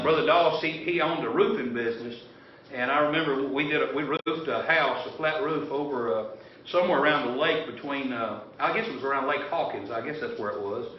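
A man's voice: mid-range voice, a little hiss or hum. A man preaching a sermon as pastor, folksy and rambling, with frequent restarts. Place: church sanctuary. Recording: roomy, distant, dull church recording.

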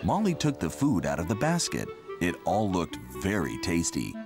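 A man reading a children's story aloud in an expressive, unhurried way. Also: low voice. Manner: slow, very animated expressive reading. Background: music.

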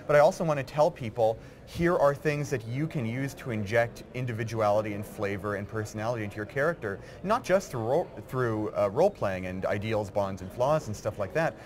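A man who writes game material, talking in a casual interview with eager, quick bursts of explanation. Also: mid-range voice, lively intonation. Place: busy game convention floor. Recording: loud crowd chatter behind.

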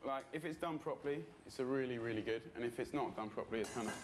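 A man's voice: medium pitch, fast talker, noisy background. A man hosting a cooking show, talking casually and loosely with many fillers as he demonstrates a dish. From England. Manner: chatty, loose, full of fillers.

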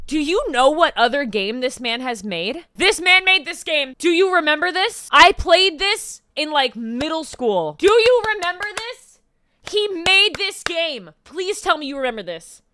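A woman giving casual, chatty commentary while streaming a video game, sarcastic and swearing, with sudden loud squeals. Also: sits high, no room sound.

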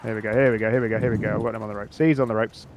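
A young man streaming a medieval battle game with friends, swearing and shouting at the action. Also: fairly low pitch, steady tone, rapid-fire. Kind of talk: casual gaming chat and live reactions. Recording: game noise clearly audible behind.

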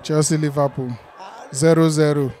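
A man's voice: on the high side, fairly even intonation, normal speed, mellow. A man from Nigeria speaking Nigerian Pidgin English, asking short questions in a casual football chat. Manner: prompting questions, brief remarks. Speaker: interviewer asking fan's reaction. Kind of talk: casual post-match chat.

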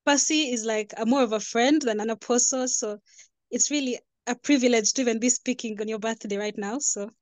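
A woman gives a casual tribute over a video call, speaking softly and haltingly with frequent laughs. Her voice sits a little high. The sound is dry, with no room echo. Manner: soft, halting, laughing often. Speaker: guest giving a tribute.

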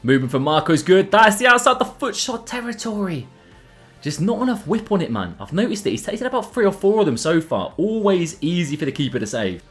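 A young man commentating his own football video game matches in a casual, excitable way, his voice jumping up at big chances. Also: sits high, a little fast, soft background music. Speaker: gaming YouTuber. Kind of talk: gameplay commentary.

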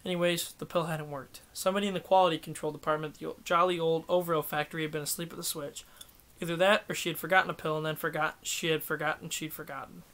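Man, audiobook reader, steady novel reading, slightly higher pitch. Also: quick pace. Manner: steady, self-correcting reading.

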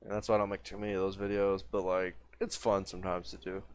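A man's voice: sits low, flat delivery, quick pace. Rambling, profane young man streamer. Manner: rambling, profane, full of restarts. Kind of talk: casual livestream chat.

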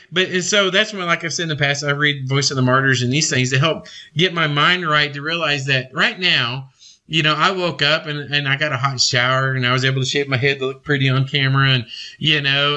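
A man giving an informal devotional teaching, earnest and animated, rambling with many fillers. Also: fairly high pitch, dull audio. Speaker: preacher.

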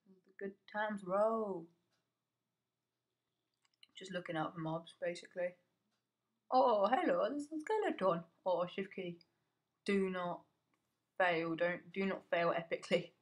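A man's voice: sits high, expressive, unhurried, pauses often. Teen boy, gameplay commentary, muttering, swearing, startled yelps. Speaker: gamer.

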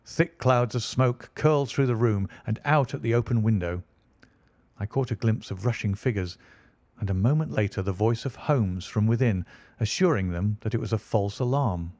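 A man narrating an audiobook in a steady, measured storytelling manner. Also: lowish voice, no room sound.

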